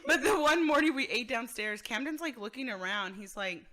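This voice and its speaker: A woman's voice: a little high, normal speed. A woman in her thirties from Texas, co-hosting a casual podcast chat, telling stories with lots of swearing and laughter. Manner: animated storytelling, profane, laughs often. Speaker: podcast co-host.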